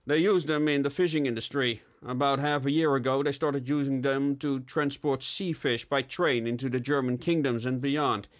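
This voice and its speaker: A man's voice: medium pitch, fairly even intonation, moderate pace, hardly any pauses, close to an everyday voice. A man voicing a cynical, joking junior police colleague in a steampunk audiobook. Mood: wry. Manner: jesting, pedantic.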